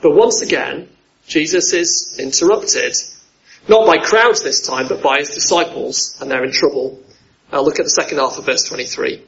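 A man's voice: a little high, normal speed, creaky, fairly bright tone, dull audio. A man preaching a sermon in a conversational way, often putting questions to his listeners.

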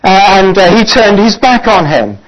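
A man preaching a sermon, earnest and often pausing on "uh" as he gathers his thoughts. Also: high voice, expressive. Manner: earnest, pausing with frequent "uh" fillers. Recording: dull lo-fi recording.

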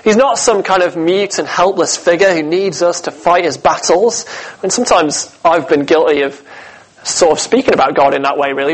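A man preaching a sermon, telling the story with lively asides, humor and rhetorical questions. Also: on the high side, slightly rough, poor audio.

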